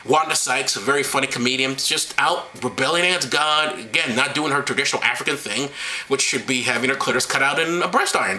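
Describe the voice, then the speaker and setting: A man's voice: medium pitch, quick pace, pushed and bright, slight background noise, poor audio. A man hosting a video, delivering a satirical, mock-serious monologue in a sarcastic way and often breaking into laughter. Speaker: video host.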